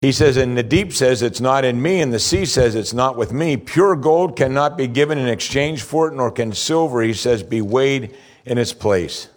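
A man preaching a sermon, reading scripture slowly and pressing his points with rising emphasis. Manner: earnest, rises in pitch for emphasis, slows for scripture reading.

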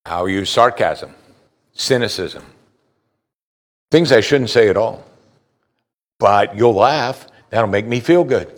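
A man's voice: on the low side, expressive, slow pace, long pauses. A man preaching a sermon as pastor, putting direct questions to his listeners with emphasis.

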